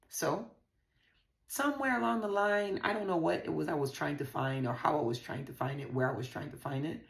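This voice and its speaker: Gravelly-voiced woman telling her story bluntly. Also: low-pitched, fairly quick, reverberant. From U.S. Virgin Islands. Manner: frank, profane, talks straight to viewers. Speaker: vlogger. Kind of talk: candid personal storytelling to camera.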